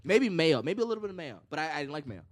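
A man's voice: fairly high pitch, big pitch swings, racing. A man guest on a comedy podcast, emphatic and exaggerating his stories. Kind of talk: casual podcast chat.

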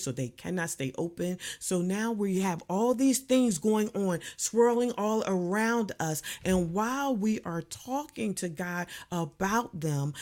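A woman delivers a sermon in a slightly low voice. She speaks calmly and deliberately, and she often repeats a phrase to drive it home. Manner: calm, measured preaching with repeated phrases. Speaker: preacher.

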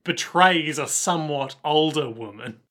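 A man's voice: a little high, measured pace, bright, forceful tone. A man co-hosting a casual podcast, reading florid text aloud in a mock-solemn way and chuckling through it. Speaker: podcast co-host. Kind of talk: casual chat, reading art analysis aloud.

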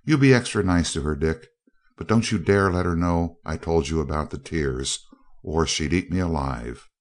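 An affectionate young woman, voiced by a male reader in a spoken storybook. She speaks earnestly, with a gentle teasing edge, her voice sitting only modestly higher than the reader's own deep tone. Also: normal speed, close to an everyday voice. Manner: earnest, fond, mildly teasing.

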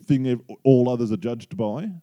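A man's voice: medium pitch, moderate pace, warm tone, no echo, clean studio sound. A man co-hosting a podcast, chatting casually and joking, laughing at his own stories. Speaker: podcast co-host. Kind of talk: casual chat.

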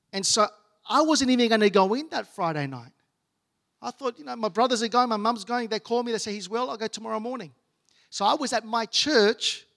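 A man preaching a personal testimony in a fairly high voice. He swings from hushed, soft passages to loud, declaiming runs. It sounds like a sermon told from the pulpit. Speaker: pastor.

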